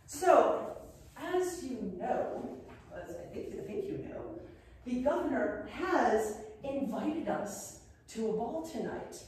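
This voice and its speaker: A woman's voice: high voice, expressive, slow pace, darkish tone, a little hiss or hum. A woman in costume playing a genteel academy headmistress, instructing a class in manners with prim formality and playful humor. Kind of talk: in-character living-history lesson. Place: large echoey room with a class. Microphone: far camera. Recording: echoey room, voice far from the mic.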